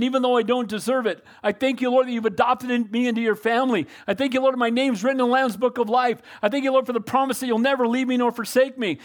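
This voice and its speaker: A middle-aged male pastor preaching a sermon, calling for amens and moving between loud exhortation and quiet reflection. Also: very high voice. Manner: preachy, calls for amens, shifts from loud to soft.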